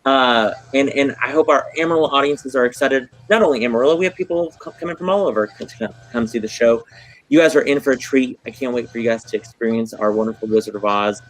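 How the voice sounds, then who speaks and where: A man with a medium-pitched voice hosts a casual livestream chat for a theater, effusive and gushing, full of ums and other fillers. The audio quality is poor.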